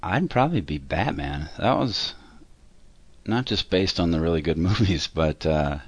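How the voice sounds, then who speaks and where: Deep-voiced halting man. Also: expressive, no echo. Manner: halting, rambling, self-correcting. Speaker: accountant interviewee. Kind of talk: casual interview answers.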